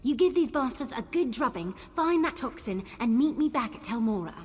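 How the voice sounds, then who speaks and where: An actress playing a plucky, brisk female ally in a fantasy game, with a New Zealand accent and a breathy voice. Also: on the high side, expressive, big-room sound.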